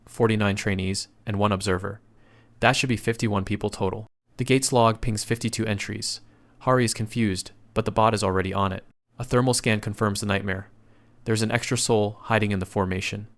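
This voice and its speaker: A man reads out a story recap in a fairly low voice. His delivery is steady and even, in the manner of scripted narration that carries the plot along scene by scene.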